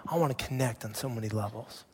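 A man in his thirties, a pastor preaching a sermon with animated storytelling that drops to hushed emphasis. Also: mid-range voice, fast talker, husky.

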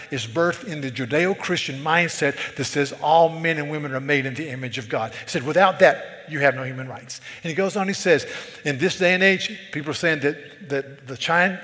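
A male pastor delivers a sermon in a fairly high voice. His talk is conversational but grows forceful when he presses a point. A long reverb trails his words through the sanctuary. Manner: conversational preaching, rising to forceful emphasis. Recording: reverberant hall.

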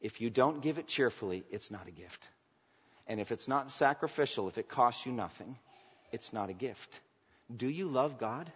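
A male pastor with a husky, breathy edge preaches a sermon, swinging between loud emphatic lines and quiet asides. His voice rings with a long reverb, as if in a large church hall, and the recording sounds dull and lo-fi. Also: medium pitch, expressive, moderate pace.

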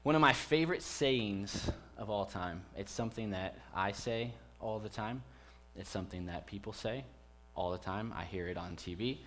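A man's voice: fairly low pitch, moderate pace, a bit bright, a little hiss or hum. A man in his thirties, a pastor giving a conversational sermon in a church, chatty and joking with the congregation.

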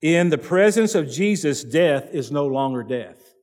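High-voiced slow preaching man, echoing church. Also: animated, a little mellow. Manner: emphatic preaching with repeated phrases. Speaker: pastor. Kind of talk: sermon. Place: church sanctuary.

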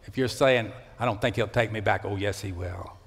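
A man's voice: moderate pace, creaky, slightly rough. Impassioned preacher man in a reverberant church. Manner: impassioned, swings from loud rising calls to low hushed lines. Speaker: pastor. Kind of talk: sermon. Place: church sanctuary. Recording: long hall reverb.

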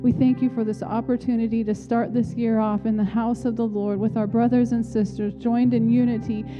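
Earnest woman praying over soft guitar. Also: a little high, flat delivery, fairly quick. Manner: earnest, heartfelt, repeating phrases in prayer. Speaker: worship leader. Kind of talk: church welcome and spoken prayer. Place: church sanctuary. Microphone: handheld microphone. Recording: slightly dull sound with soft guitar behind. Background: soft guitar music.

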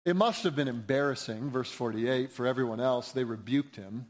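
A man's voice: medium pitch, moderate pace. A man preaching an expository sermon, emphatic and building intensity at key points. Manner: emphatic, rising to near-shouts when quoting cries. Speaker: pastor.

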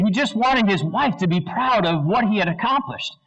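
High-voiced preacher quizzing a congregation. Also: male voice, moderate pace, few pauses, low-quality recording. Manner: animated storyteller, asks the audience questions; brief movie-line impressions. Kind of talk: sermon.

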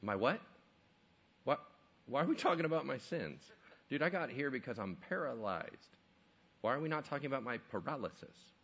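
A man's voice: medium pitch, animated, moderate pace, pauses often, a bit bright, husky, highs cut off. A man voicing a bewildered, frustrated paralyzed man who keeps firing off questions. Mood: exasperated. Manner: exasperated questioning.

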